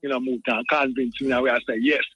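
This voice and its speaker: A man's voice: mid-range voice, little pitch movement, quick pace, bright, forceful tone, slightly rough, no echo, rough recording. A man with a Jamaican accent calling in to a radio talk show, rambling in patois and often repeating his words. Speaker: caller.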